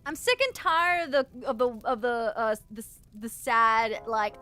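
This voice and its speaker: A high-voiced young woman rambling through a casual livestream chat, her pitch leaping all over. She laughs often and bursts into sudden shouts. Her tone is bright, with faint music underneath. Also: animated, a little fast, hardly any pauses. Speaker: streamer.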